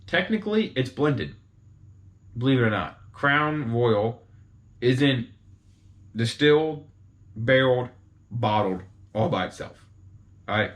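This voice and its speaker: A man talking casually to his viewers in a mid-pitched voice. He explains things in a loose, chatty way and keeps turning to the audience with quick asides. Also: a bit bright. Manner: chatty, informal, talks straight to viewers with asides. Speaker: host explaining whiskey types.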